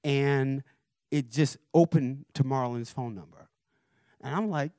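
A man, a record producer and guest speaker, telling a lively story at a university forum, acting out voices and chuckling often. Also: mid-range voice, takes it slowly, no room sound, clean studio sound. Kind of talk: animated storytelling talk.

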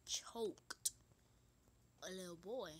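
A woman's voice: on the low side, extremely slow, a little hiss or hum. A young woman vlogger reading funny kids' notes aloud, giggly and incredulous, dropping into whispered asides.

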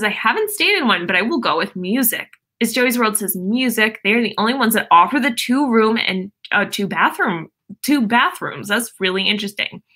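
A woman's voice: medium pitch, pushed and bright. A young woman hosting a casual live stream from home, chatting and reading viewer comments aloud with lots of fillers and laughs.

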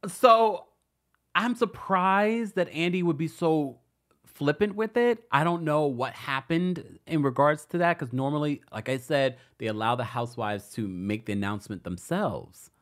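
A man's voice: fairly high pitch, moderate pace. A man hosting a celebrity gossip show, chatting casually with playful shade. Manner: chatty, animated, playfully shady. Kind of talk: casual commentary.

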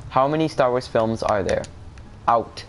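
A man playing a game with friends, teasing and bossing others around with quick laughs. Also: medium pitch, a little hiss or hum. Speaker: player on a group game stream. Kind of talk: casual gaming chat.

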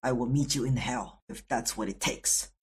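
A man's voice: medium pitch, moderate pace, breathy edge. A man playing a cold, vengeful warrior. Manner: curt, cold, blunt. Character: violent vengeful male warrior.

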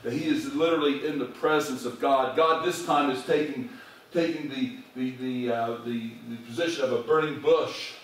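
A man's voice: medium pitch, steady tone, moderate pace. A male pastor preaching a sermon to his congregation, asking them direct questions. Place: church sanctuary. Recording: very echoey church recording from far off.

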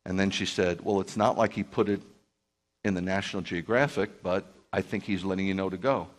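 Male rabbi, very low voice, emphatic storyteller who acts out the dialogue in his sermon. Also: steady tone, a little fast. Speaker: Messianic rabbi. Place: speaking live to a group.

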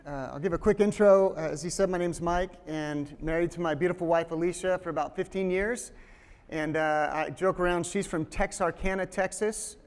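Joking man in his forties, high voice. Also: clean tone, long reverb tail. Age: 40s. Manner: joking, storytelling, frequent restarts. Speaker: guest speaker. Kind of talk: sermon with humorous stories.

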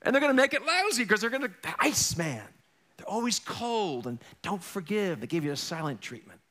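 A middle-aged male pastor delivering a sermon, high-pitched for a man and bright in tone. He preaches in an animated, joking way, swinging from loud punchlines to quiet asides and tossing in quick character impressions.

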